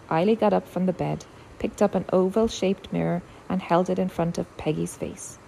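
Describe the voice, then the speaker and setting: A woman reading a story aloud in a calm, measured narrating voice. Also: fairly low pitch, vocal fry, slight background noise, low-quality recording. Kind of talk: audiobook narration.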